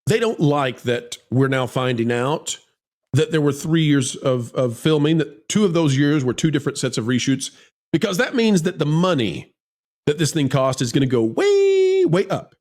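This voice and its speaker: A man hosts a sarcastic entertainment commentary show, his voice sitting fairly high and swinging widely in pitch. He reads articles aloud and breaks off into mocking, theatrical asides. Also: big pitch swings, moderate pace, darkish tone. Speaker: host of entertainment commentary channel.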